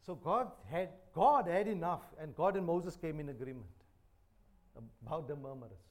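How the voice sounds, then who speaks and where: A man's voice: a little high, lively intonation, moderate pace, darkish tone. A man preaching a sermon, joking and chatty, repeating phrases. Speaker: pastor. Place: church.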